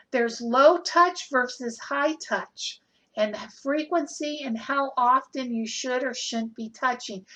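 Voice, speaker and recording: Slow-paced woman giving a nursing lecture. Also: on the high side, fairly bright tone, lo-fi sound. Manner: conversational, rhetorical questions, frequent "okay?". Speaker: nursing instructor. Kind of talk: recorded lecture.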